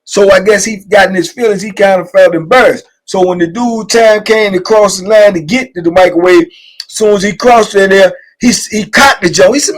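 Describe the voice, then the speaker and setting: A middle-aged man tells prison stories in a casual conversation. His voice is pitched high for a man, and he drives the story with animated quotes and repeated check-ins with the listener. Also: normal speed, low-quality recording. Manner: animated storyteller, acts out quotes, "you know what I'm saying". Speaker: host sharing prison stories.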